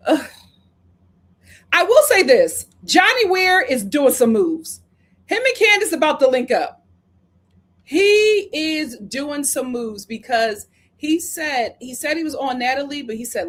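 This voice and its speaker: A woman's voice: sits high, animated, normal speed, a bit bright. A woman hosting a live review of a reality show, talking casually and acting out the cast members' lines as she recaps.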